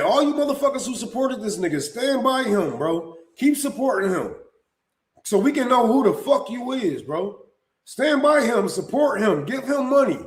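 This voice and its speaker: A man with a high, light voice hosts a live-stream commentary. He talks in a blunt, profane and heated way and trips over restarts, and his voice rings around a roomy, echoing space.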